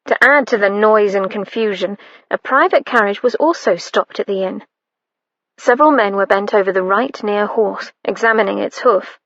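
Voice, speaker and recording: A woman reading an audiobook in a measured, even storytelling manner. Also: medium pitch, dry recording, highs cut off. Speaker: audiobook narrator. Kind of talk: scripted narration.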